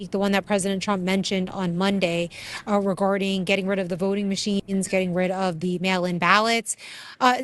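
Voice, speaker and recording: A woman's voice: medium pitch, a bit bright, no room sound. A young woman co-hosting a news program, talking through the stories in an earnest, conversational way with many fillers and restarts. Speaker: news co-host.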